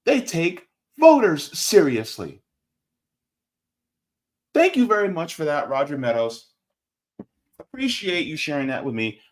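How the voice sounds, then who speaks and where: A man hosting a political livestream, talking casually and reading out chat comments, animated and sarcastic, jumping from loud outbursts to low mutters. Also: a little slow, long pauses. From United States.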